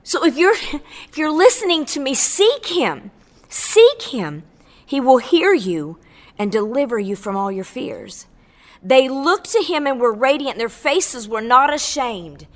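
A middle-aged woman tells her testimony on a radio show with preacherly fervor. Her voice sits a little high for a woman and climbs higher as she presses each point. She repeats phrases and leans into scripture as she speaks. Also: big pitch swings, a little slow. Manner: fervent and preacherly, swells on key phrases, repeats words. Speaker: guest giving a testimony. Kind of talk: impassioned spoken testimony on radio.

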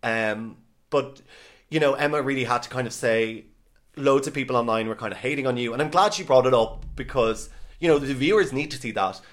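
A man's voice: medium pitch, a bit bright. A man co-hosting a podcast, chatting casually and gossiping about a reality show. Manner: chatty, gossipy, quick asides. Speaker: podcast co-host. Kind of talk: casual chat.

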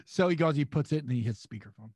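A young adult man, a pro wrestler guest, telling a long anecdote with lively acted-out quotes. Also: mid-range voice, quick pace, breathy edge, no echo. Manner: animated, acts out quotes with voices and laughs. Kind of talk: storytelling anecdote.

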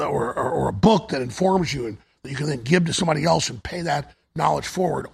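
A hoarse man hosting a talk show, urgently pitching products and asking for donations on air. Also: a bit bright. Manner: urgent, repetitive sales pitch. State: hoarse, voice nearly gone.

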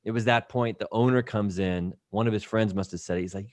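A man's voice: on the low side, fast talker, few pauses, dry recording, studio quality. A man on a podcast telling stories in casual chat, acting out voices and laughing as he goes. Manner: animated storyteller, acts out voices and laughs. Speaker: podcast host.

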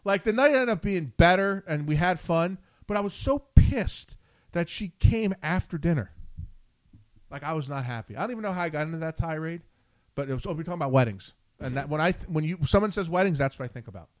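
Man telling an animated, sweary story. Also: a little high, fairly quick, dry recording. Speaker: show host. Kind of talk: casual chat.

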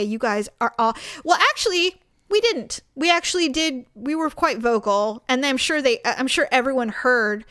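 Woman, higher voice, dry room; indignant animated storyteller in casual chat. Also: no echo.

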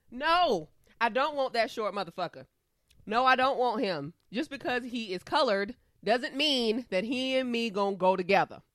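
A woman with a bright, clear voice tears into a comedic rant, blunt and full of profanity. Her pitch leaps and dips all over, and the sound is dry and close. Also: no echo.

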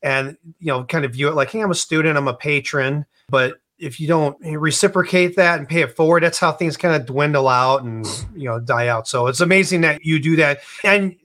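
Host guy, bright tense voice, kinda high, eager and chatty. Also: fairly quick, hardly any pauses. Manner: enthusiastic, lots of fillers. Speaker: podcast host. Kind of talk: casual interview talk.

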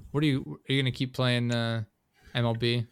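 A man's voice: medium pitch, steady tone, gravelly, smooth. A young man hosting a podcast in casual chat, loose and profane, wrapping up the episode. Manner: loose and profane, retelling scenes with quick impressions. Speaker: podcast host.

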